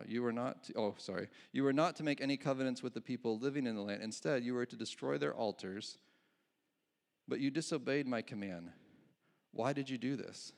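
A man preaching a sermon in a relaxed, conversational way. His voice has a gravelly edge at a middle pitch, and he restarts phrases and chuckles now and then. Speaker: pastor.

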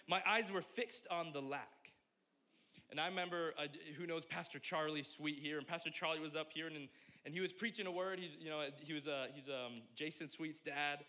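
A man's voice: on the high side, normal speed. A young adult man giving a casual, conversational sermon as a pastor, joking at his own expense. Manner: conversational, self-deprecating, animated.

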